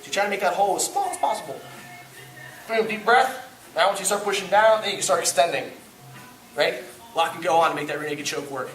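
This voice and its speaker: A jiu-jitsu instructor teaches a live grappling class in an indoor gym, demonstrating on a partner and making self-mocking jokes while coaching. His high voice comes rapid-fire over soft background music, recorded from far off in the echoey space.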